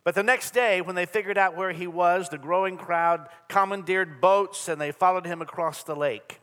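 A man's voice: high voice, steady tone, normal speed, fairly bright tone. A man preaching a Sunday sermon, earnest and repetitive with dry humor, in a church. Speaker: pastor. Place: church sanctuary. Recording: long hall reverb.

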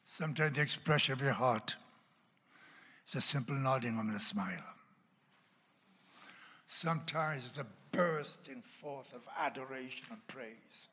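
A man, a pastor, telling a story in an animated sermon and breaking into loud bursts now and then. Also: mid-range voice, measured pace, long pauses, husky, in a large hall. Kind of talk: storytelling sermon at a church class.

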